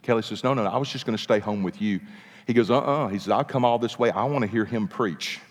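A man preaching, telling a story with animated, dramatic pacing in a sermon. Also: fairly low pitch, quick pace. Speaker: pastor. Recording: long reverb of a large hall.

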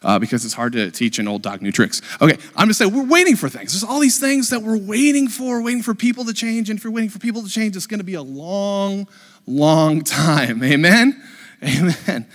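A man in his thirties preaching a live sermon from a church stage, his voice a little high for a man. He keeps it light and playful, stumbling over restarts and fillers as he talks to the room. A long reverb from the church hall trails after every phrase. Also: brisk. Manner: lively and joking, with many fillers and restarts. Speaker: pastor. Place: church sanctuary with a congregation.

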